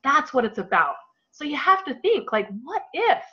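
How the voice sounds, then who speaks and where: A woman's voice: high voice, very animated, normal speed, sharp tone. A woman in her thirties leading a team call, giving an emphatic, emotional motivational talk. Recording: dull lo-fi call audio.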